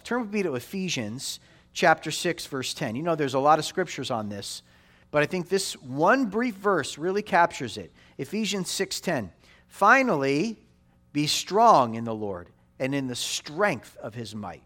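A man's voice: a little high, fairly bright tone. A man in his forties preaching a sermon, emphatic, repeating key phrases and checking in with the listeners. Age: 40s. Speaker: pastor.

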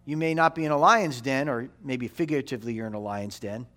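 A man's voice: mid-range voice, quick pace, bright, forceful tone. A man in his forties preaching a sermon, emphatic, repeating key phrases and checking in with the listeners. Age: 40s. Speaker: pastor.

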